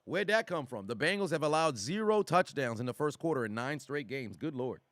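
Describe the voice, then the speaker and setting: A man streaming live and reading out chat messages, talking in an animated, excitable way and swearing freely. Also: fairly high pitch, fairly quick, no echo, studio quality.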